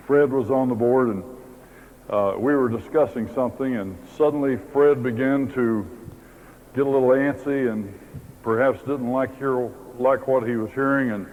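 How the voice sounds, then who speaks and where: A man addresses a packed auditorium, spinning a folksy, humorous story for the crowd. The audio is narrow and phone-like, and a long hall reverb trails every word over a faint hiss. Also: medium pitch. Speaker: speaker at a business convention. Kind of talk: motivational speech with storytelling. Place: large auditorium.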